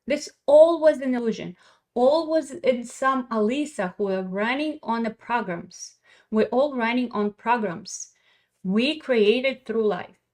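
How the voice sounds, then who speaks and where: A middle-aged woman talks straight to her listeners as a wellness coach. Her voice sits a little high, and she speaks bluntly and emphatically, swearing freely as she pushes hard self-honesty. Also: measured pace. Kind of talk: motivational monologue.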